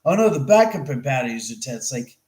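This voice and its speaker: Guy hosting a livestream, rambling animated story, swears a lot, echoey room. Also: mid-range voice, fast talker. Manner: animated, repeats himself, swears freely. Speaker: host of a livestream.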